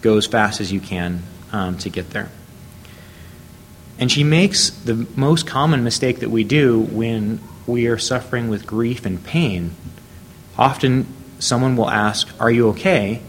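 A man preaching a sermon, telling a Bible story at a measured pace and reading scripture aloud. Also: mid-range voice, a little hiss or hum.

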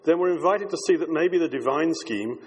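A man's voice: a little high, expressive, brisk, breathy edge. A male preacher giving a reflective, discursive sermon, often restarting his phrases as he thinks aloud. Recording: long hall reverb.

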